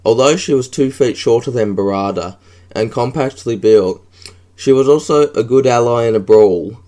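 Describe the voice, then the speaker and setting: A man narrating an audiobook in a steady, even reading. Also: mid-range voice, normal speed.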